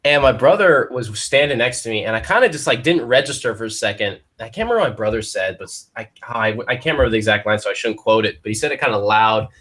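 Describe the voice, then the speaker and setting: A man's voice: medium pitch, animated, quick pace, hardly any pauses, fairly bright tone. A young man co-hosting a podcast, telling rambling stories with lots of "like" and "dudes" and frequent restarts. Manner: rambling storyteller, repeats himself, says "like" and "dudes". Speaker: podcast co-host. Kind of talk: casual chat.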